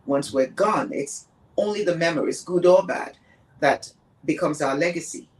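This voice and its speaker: A woman's voice: low-pitched, moderate pace, a little mellow, far from the mic, rough recording. Earnest woman speaking slightly off-mic. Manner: earnest, emphatic, repeats for stress. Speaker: podcast guest. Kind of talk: reflective conversation on grief.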